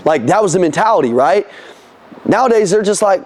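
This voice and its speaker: A young man with a high, bright-sitting voice runs a motivational sales training session. He talks casually and with energy, swearing freely and firing questions at the people in the room. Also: animated, fairly quick.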